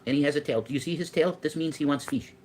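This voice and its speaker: A man's voice: a little high, fast, darkish tone, a little hiss or hum. A man talking casually on a live stream in a doting, playful way. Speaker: streamer in a played clip.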